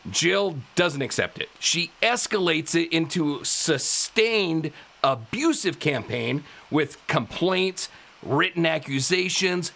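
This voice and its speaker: A male podcast host telling a true-crime story in a casual way, animated, laughing often and tripping over his words. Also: on the high side, creaky. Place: live podcast studio.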